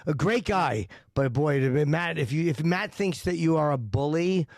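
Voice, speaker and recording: Rambling, profane guest, somewhat high voice. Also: male voice, moderate pace. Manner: rambling, profane, full of restarts. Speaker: podcast guest. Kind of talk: casual podcast chat.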